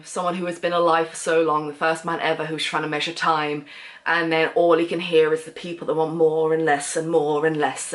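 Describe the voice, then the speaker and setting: A woman's voice: lowish voice, a bit bright. A woman chatting casually about books in a reading wrap-up, rambling and losing her train of thought. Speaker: book vlogger.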